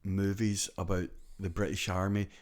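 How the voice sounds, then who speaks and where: Guest storyteller: man in his 60s, Glasgow Scottish accent, somewhat low voice, rambling talk full of asides. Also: little pitch movement, moderate pace. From born in Glasgow, raised partly in Donegal. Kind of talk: conversational podcast storytelling.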